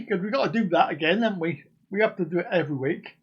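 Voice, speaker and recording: A man's voice: high voice, lively intonation, a little fast, husky. A man hosting a casual live stream, rambling and joking as he chats to his viewers. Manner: jokey, rambling, sings and laughs along.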